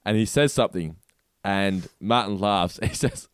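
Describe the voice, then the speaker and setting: A man's voice: fairly low pitch, a little slow, clear, resonant tone, no room sound, clean studio sound. A man co-hosting a podcast, recapping episode scenes in a chatty manner and laughing easily. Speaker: podcast co-host. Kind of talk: casual review chat.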